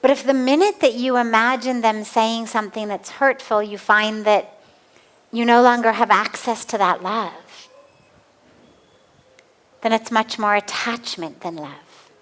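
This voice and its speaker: Slow, calm woman giving a spiritual talk. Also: a little high. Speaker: spiritual teacher. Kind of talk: spiritual discourse. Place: outdoor garden.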